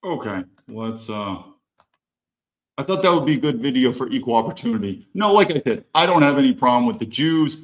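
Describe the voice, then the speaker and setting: A man's voice: mid-range voice, animated, brisk, muffled recording. A man hosting a podcast, commenting on a clip in a conversational way with hesitant restarts. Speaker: podcast host.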